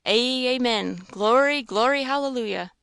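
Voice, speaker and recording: A woman voicing a fervent male camp-meeting preacher, calling out loudly to a crowd in an audiobook. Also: a little high, normal speed, creaky, clean tone, no room sound, clean studio sound. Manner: loud, exhorting, calling out.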